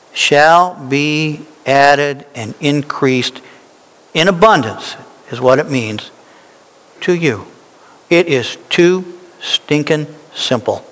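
A male pastor preaching a sermon, slow and emphatic, climbing into animated, insistent peaks when he drives a point home. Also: on the high side. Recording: reverberant hall.

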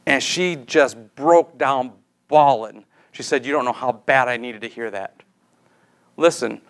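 A man preaching a sermon, telling a personal story and leading a prayer in an earnest, pleading way. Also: on the high side.

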